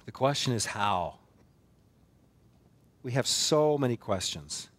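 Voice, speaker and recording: A man's voice: mid-range voice, big pitch swings, takes it slowly, a bit bright. A man preaching a sermon as pastor of a church, earnest and emphatic, building force through repeated phrases and rhetorical questions. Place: church sanctuary.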